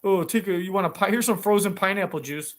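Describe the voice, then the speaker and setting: A man's voice: high-pitched, fast talker, a bit bright. Sarcastic middle-aged man ranting. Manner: sarcastic, exasperated, profane. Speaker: talk show co-host. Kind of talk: comic rant on live TV.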